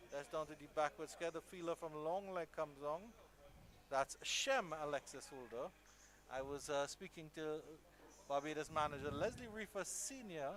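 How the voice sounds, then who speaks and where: A man doing live cricket commentary, measured between balls and loud and excited on big shots. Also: on the high side.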